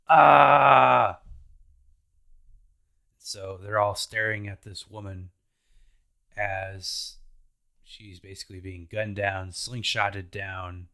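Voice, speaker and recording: Slow, low-voiced man recapping casually. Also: bright, forceful tone. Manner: slow, laid-back retelling with playful put-on character voices. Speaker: podcast host recapping anime.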